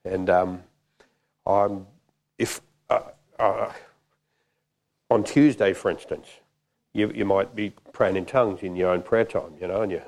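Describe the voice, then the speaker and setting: A man's voice: deep voice, fairly even intonation, measured pace, vocal fry, pauses often, darkish tone. A man preaching a jokey, conversational sermon.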